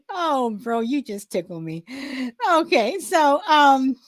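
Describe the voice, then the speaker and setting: A woman's voice: sits high, very animated, slow, dry recording. A woman hosting a casual live chat with viewers, greeting them by name, laughing often and restarting her sentences with many fillers. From Southern California. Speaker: livestream host.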